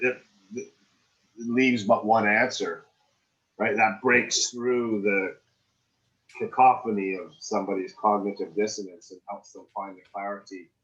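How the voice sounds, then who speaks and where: A man's voice: lowish voice, a bit bright. Rambling male acting coach, dull audio. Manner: rambling, checks in with "right?" often. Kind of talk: giving script feedback in an acting class.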